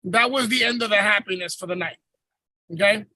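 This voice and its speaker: A man's voice: sits high, a little fast, sharp tone, dry recording, poor audio. A man hosting a podcast over a video call, telling stories in a casual, profane, slang-heavy comedic rant. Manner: profane, storytelling with swearing and slang. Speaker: podcast host.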